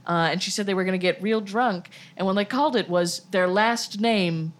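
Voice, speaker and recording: Playful woman co-host, quick to laugh. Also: medium pitch. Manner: playful, laughs often, slips into joke accents. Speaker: podcast co-host. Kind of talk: comedic banter with put-on voices.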